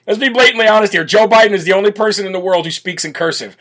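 A man hosting a political talk show, talking in a brash, blunt and forceful way, often repeating himself for emphasis. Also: high-pitched, very fast. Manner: repetitive, emphatic restarts. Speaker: host.

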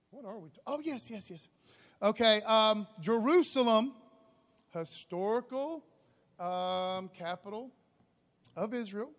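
A pastor with a high-pitched voice preaches in a loose, energetic way, dropping in "okay" and "man" between his lines. He delivers a sermon to his church.

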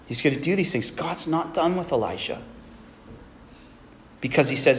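A male pastor giving an earnest sermon who often checks in with a quick "right?". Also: a little high, expressive, slight background noise.

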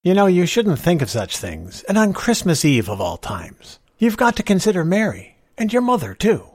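A man's voice: high-pitched, huge pitch swings, moderate pace, dry recording, clean studio sound, voice pushed up, exaggerated voice. A man doing a stout, kindly older stranger. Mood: gently knowing. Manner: easy, gently persuasive, gleeful bursts.

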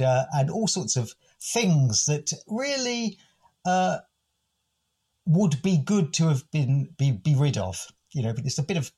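A man's voice: mid-range voice, a little mellow, husky. An English man, a guest who is an educator and comedic speaker, telling reflective stories in a thoughtful, wry and self-deprecating way. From United Kingdom. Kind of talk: reflective conversational storytelling.

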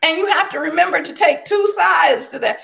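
A woman's voice: very high voice, a little fast, vocal fry, a bit bright. A woman educator telling a story in a panel conversation, emphatic and repeating phrases for effect. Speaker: educator and former school improvement consultant.

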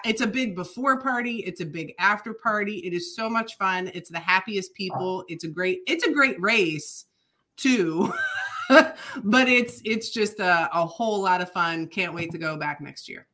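Bright-voiced woman podcast co-host. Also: lowish voice, moderate pace. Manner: chatty, laughs often. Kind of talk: casual chat.

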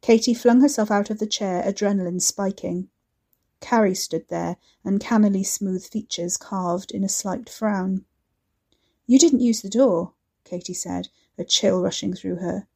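A woman narrating a serialized fiction story in a steady, measured way. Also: mid-range voice, vocal fry.

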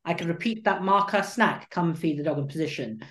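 A man, a dog trainer and coach, explaining his training methods at length in an animated interview. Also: fairly high pitch, fairly quick. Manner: animated, acts out what the dog thinks. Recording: roomy echo.

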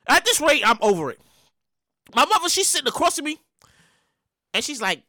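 A woman hosting a show, telling a profane, animated story in a rant that keeps bursting into shouts. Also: extremely high pitch, a little fast, no echo, clean studio sound. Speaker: show host.

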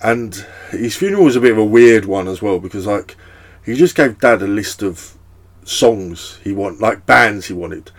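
A man's voice: lowish voice, animated, moderate pace. A young man hosting a podcast, chatting casually in a rambling way with lots of fillers and swearing. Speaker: podcast host. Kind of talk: casual chat.

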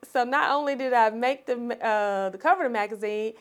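A woman, a podcast guest telling her story in an animated, expressive way and laughing often. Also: a little high, fairly quick. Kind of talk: storytelling in conversation.

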